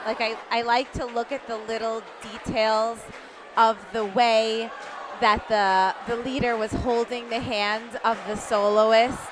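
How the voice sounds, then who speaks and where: A woman commentating live on the broadcast, chatting in an enthusiastic, gushing way. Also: fairly high pitch. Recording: noisy live ambience.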